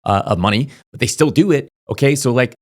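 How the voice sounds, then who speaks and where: Fast-talking young man giving crypto advice. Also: mid-range voice. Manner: rapid, filler-heavy, emphatic, repeats "okay?". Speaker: crypto YouTuber. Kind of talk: casual direct-to-camera advice.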